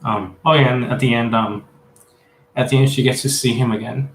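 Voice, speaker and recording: A man's voice: mid-range voice, fairly even intonation, slight background noise. A man giving a casual spiritual reading as a psychic medium. He rambles, halts often, and fills gaps with "um". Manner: rambling, halting, many fillers. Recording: echoey room.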